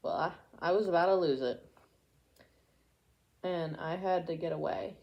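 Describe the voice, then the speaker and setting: A woman reading a memoir aloud chapter by chapter, steady, with occasional stumbles and restarts. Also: lowish voice, measured pace, vocal fry, lo-fi sound. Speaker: audiobook reader. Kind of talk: amateur book reading aloud.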